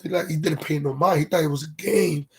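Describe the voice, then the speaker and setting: Talking fast, this man tells a sprawling story on an informal livestream, his voice high and a touch husky. Slang runs through his loose delivery, he repeatedly asks if listeners are with him, and he pauses the tale to say hi to people in the live chat.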